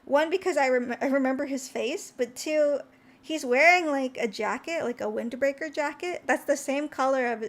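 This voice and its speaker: A high-voiced young woman, a VTuber, spins a meandering, animated story on her stream in a weary tone. Each time she imitates what someone said, her voice jumps higher.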